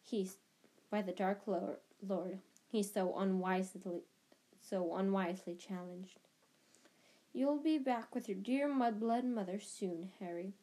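A woman reading an audiobook and voicing a cold, gloating young male dark wizard in a low, quiet, taunting tone. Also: measured pace, lightly acted.

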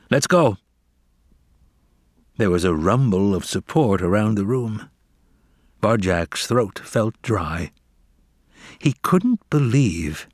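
A man reads a children's adventure aloud slowly, lingering over his words. His voice sits low but swoops widely in pitch as he builds tension. The recording is dry and close. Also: no echo. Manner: expressive, animated reading. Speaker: narrator. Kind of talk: audiobook storytelling.

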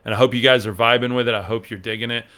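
A man's voice: mid-range voice, steady tone, very fast, sharp tone. A man hosting a podcast, rambling casually as he answers viewer comments on a religious text. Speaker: podcast host.

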